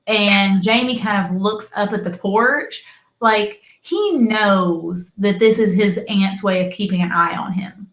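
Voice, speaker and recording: A woman's voice: medium pitch, a little slow, fairly bright tone. A woman co-hosting a TV review podcast in casual chat, rambling with fillers. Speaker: podcast co-host reviewing a TV episode. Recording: echoey room sound.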